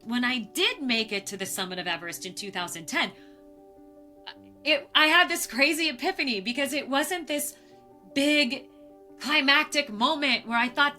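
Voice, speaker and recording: Brief: American woman explorer, middle-aged, bright and a bit high voice, lively storyteller. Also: normal speed, soft background music. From United States. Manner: vivid, acts out quoted moments. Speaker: guest, polar explorer. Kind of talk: storytelling interview.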